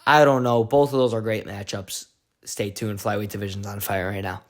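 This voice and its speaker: Man excitedly recapping a fight week. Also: fairly low pitch, moderate pace. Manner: excitable, slangy storytelling with many "like"s. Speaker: vlogger. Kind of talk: casual event recap vlog.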